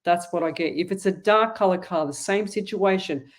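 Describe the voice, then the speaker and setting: A woman's voice: on the low side, moderate pace. A middle-aged Australian woman hosting a live online psychic show, talking to viewers in a chatty, rambling way with many restarts. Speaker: psychic medium host. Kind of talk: live online reading, answering viewer comments.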